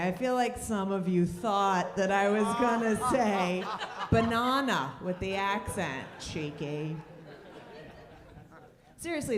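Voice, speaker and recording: A woman doing a stand-up comedy set on a comedy club stage, landing dry, sardonic punchlines. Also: medium pitch. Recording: roomy club sound.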